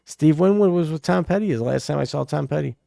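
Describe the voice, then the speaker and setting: Gravelly rowdy man. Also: on the high side, expressive, fast, warm tone, no echo, studio quality. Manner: rowdy storyteller, swears freely, acts out quotes. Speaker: podcast co-host. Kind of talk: casual chat.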